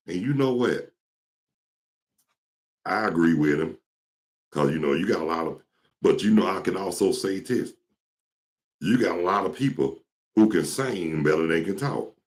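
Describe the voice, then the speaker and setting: A man from Georgia, hosting his talk show in a casual, rambling storytelling way. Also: deep voice. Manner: rambling, storytelling, mimics singers.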